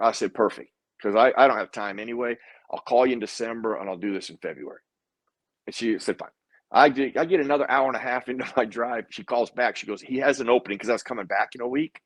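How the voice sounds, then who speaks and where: A man's voice: medium pitch, no room sound. A man, a guest in a casual interview, telling a personal story and acting out what other people said. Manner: animated storyteller who acts out other people's lines.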